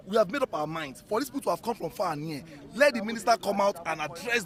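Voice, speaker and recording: Outdoors among a crowd at a ministry, a man with a Nigerian accent leads a student protest, pressing an official with repeated, emphatic demands in a heated confrontation. His voice is high, lively and bright, coming fast with hardly any pauses.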